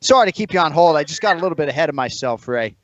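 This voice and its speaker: A man's voice: fairly high pitch, lively intonation, rapid-fire, fairly bright tone, lo-fi sound. A man hosting a podcast in casual, joking chat, swearing freely and rambling. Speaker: podcast host.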